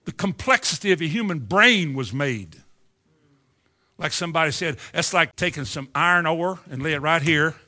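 Fiery preacher man, bright voice. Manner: fiery, swings from low musing to loud exclamations. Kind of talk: sermon.

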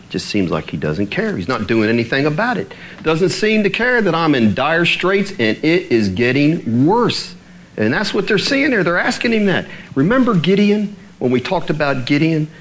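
Man preaching with big pitch swings. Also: a little hiss or hum, poor audio. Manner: preaching with wide swings from low and slow to high and loud. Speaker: pastor. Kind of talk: sermon. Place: church sanctuary.

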